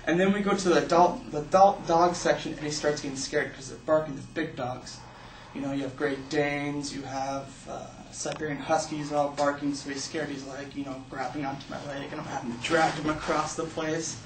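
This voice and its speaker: A young man with a slightly high voice tells a personal story to an audience in a loose, rambling way, leaning on "like" and "you know". He sounds some distance from the mic in an echoey room with a faint hiss behind him. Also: fairly even intonation, a little fast. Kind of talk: personal story told as a speech.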